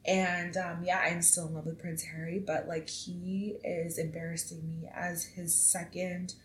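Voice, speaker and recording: A woman in her twenties hosting a casual solo podcast, chatty and animated, swearing freely as she tells stories. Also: fairly low pitch, a little slow, a little hiss or hum. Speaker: podcast host. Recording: echoey room.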